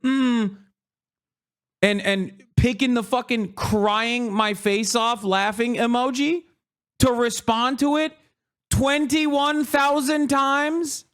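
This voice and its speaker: A man streaming political commentary, animated, sarcastic and full of profanity. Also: extremely high pitch, slow, clean tone. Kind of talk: livestream commentary.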